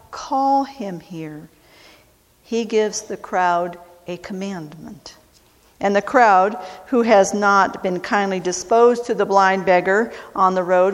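A woman preacher delivering a sermon at a very unhurried pace, lingering over each phrase. She repeats key words for emphasis, and her voice trails off into a long hall reverb. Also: medium pitch.

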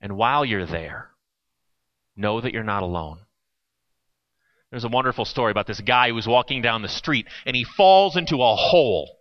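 Animated male preacher, lively and lo-fi. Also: mid-range voice, normal speed, long pauses, no echo. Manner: conversational, with sudden dramatic swings between loud and hushed. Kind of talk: sermon.

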